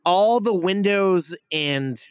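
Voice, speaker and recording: A man's voice: high-pitched, animated, slow, clean tone, no room sound, clean studio sound. A man chatting casually on a podcast, rambling and swearing as he reviews a movie, with lots of fillers. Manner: rambling, profane, full of fillers. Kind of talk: casual chat.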